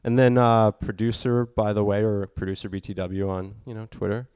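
A man's voice: on the low side, flat delivery, moderate pace, a little mellow, clean tone, dry recording, studio quality. A man hosting a late-night podcast, hesitant and apologetic, often restarting his sentences. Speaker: podcast host.

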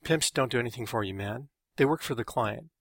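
A man voicing a brash, cynical male software contractor who talks bluntly and scoffs. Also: medium pitch, brisk, gravelly, dry recording, clean studio sound. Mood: scoffing.

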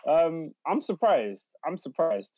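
A man's voice: on the high side, big pitch swings, mellow, dry recording. A man hosting a football watchalong, chatting and reading viewer comments aloud. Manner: chatty, reads out viewer comments, measured analysis. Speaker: host of a football watchalong stream. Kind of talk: casual live-stream football commentary.

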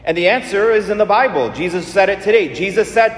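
High-voiced preacher in an echoing church. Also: male voice, lively intonation, brisk. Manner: earnest, repetitive preaching. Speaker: Catholic priest. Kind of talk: sermon. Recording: echoey church with long reverb.

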